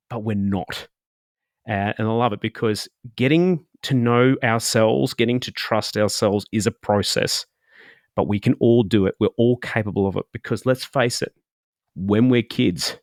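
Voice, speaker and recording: A man who is a guest speaker talks casually and with energy, acting out quick little quoted voices as he explains. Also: fairly low pitch, dry recording, studio quality. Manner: animated storytelling, acts out little quoted voices.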